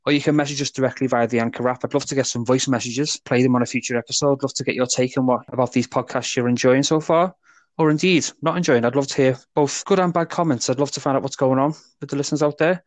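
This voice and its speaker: A young man hosts a casual podcast chat, rambling warmly through restarts and laughs. His voice sits at a middle pitch. The sound is dry and close, with no room echo. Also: fast talker. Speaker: podcast co-host.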